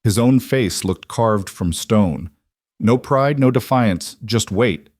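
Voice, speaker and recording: A man giving a scripted story narration in a measured, dramatic way. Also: lowish voice, a little mellow, dry recording, studio quality.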